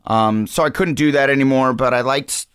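A man in his thirties, a podcast guest chatting casually and telling lively stories, slipping into character voices. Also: medium pitch, moderate pace, clear, resonant tone, no room sound, clean studio sound. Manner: animated storyteller, slips into character voices. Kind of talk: casual chat.

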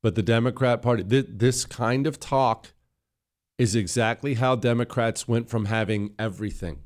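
A man's voice: medium pitch, moderate pace. A man hosting a political commentary show, scornful and emphatic with sarcastic asides. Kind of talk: opinion commentary.

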